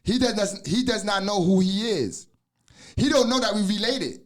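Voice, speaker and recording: At a moderate pace and a fairly high pitch, a forties-aged American man hosts his podcast. The talk is casual and profane, loosely built from asides and restarts.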